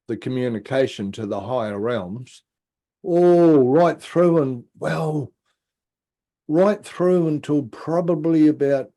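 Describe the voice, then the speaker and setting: Here a middle-aged podcast guest shares something personal, casually and with energy. He performs the quoted lines and slips into quiet, low asides.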